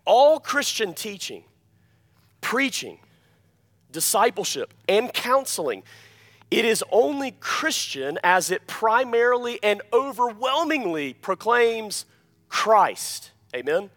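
A man with a high-pitched voice preaching a sermon to a congregation. He preaches emphatically, repeats his key phrases, and checks in with a questioning "Amen?". He swings between loud, forceful points and quiet, low-voiced asides. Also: big pitch swings, slow. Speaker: pastor.

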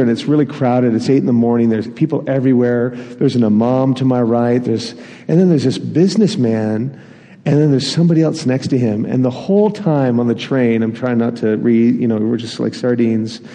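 A man's voice: mid-range voice, dark tone. A man preaching a sermon in a church hall, telling stories with a self-deprecating manner and frequent chuckles. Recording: long hall reverb.

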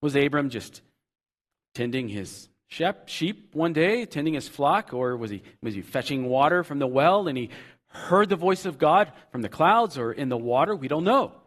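A pastor preaching a sermon, earnestly and with repetition, rising to loud emphasis and dropping to soft, low asides. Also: male voice, big pitch swings, normal speed.

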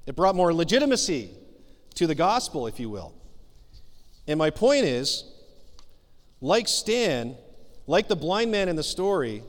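A man preaches a sermon from the pulpit, his voice sitting a little high for a man. He talks earnestly and conversationally, leaning on frequent filler pauses. The sound carries a long reverb, as from a church sanctuary. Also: big pitch swings. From Canada. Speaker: pastor.

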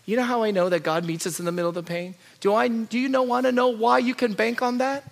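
A pastor preaches a sermon, shifting from quiet, low asides to loud, urgent pleading and repeated rhetorical lists. His tone is steady, his pace fast and his voice gravelly.

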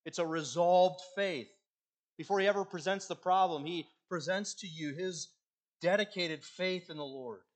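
A male pastor preaching a sermon, earnest, swinging between loud emphasis and quiet, hushed endings. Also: high voice, normal speed.

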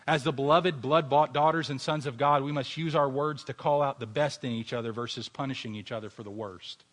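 A man preaches to his congregation in a mid-pitched voice. He is earnest and exhorting, and he builds at times to fervent emphasis before he closes in prayer. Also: steady tone, a little fast, fairly bright tone. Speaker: pastor. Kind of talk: sermon with closing prayer.

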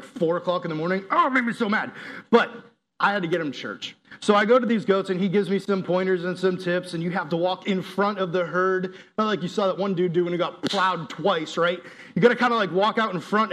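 A man's voice: high voice, fairly bright tone. A young man from the United States giving a casual youth sermon, telling stories in a joking, slangy way. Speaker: youth pastor.

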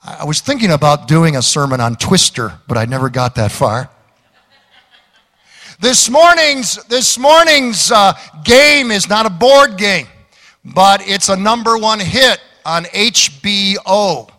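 A man's voice: sits high, expressive, a little slow, pushed and bright, in a large hall. A man preaching a sermon, folksy and joking, with emphatic calls to the congregation. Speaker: pastor.

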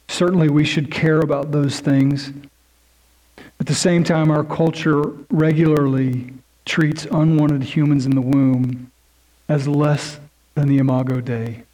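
A man's voice: on the high side, flat delivery, measured pace, mellow, rough recording. A man preaching a sermon in an earnest, emphatic way, building points through lists and repetition. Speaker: pastor.

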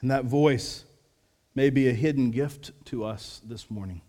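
Earnest pastor preaching in a reverberant hall. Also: male voice, mid-range voice, a little slow. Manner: earnest, drops to soft quiet delivery. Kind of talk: sermon.

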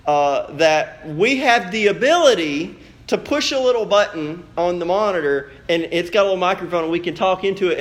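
A young man preaching a sermon as pastor, telling a family story in a lively way and acting out quotes. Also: fairly high pitch. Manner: storytelling, animated, acts out quotes.

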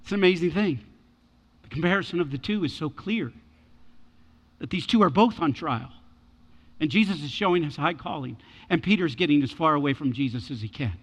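A man preaching a sermon as pastor, animated and repeating his key words for emphasis. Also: fairly high pitch, fairly quick, long pauses, long reverb tail.

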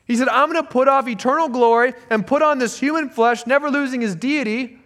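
A male pastor with a noticeably high voice delivers a sermon. He speaks earnestly and with emphasis, leaning on repeated phrases to drive each point home. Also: a little fast, fairly bright tone.

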